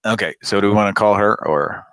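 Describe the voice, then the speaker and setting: A man's voice: fairly low pitch, fairly quick, a bit bright, clean tone, dry recording, rough recording. A man hosting a live prank call show, chatting casually and rambling with lots of fillers and laughs. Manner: rambling, hesitant, laughs often.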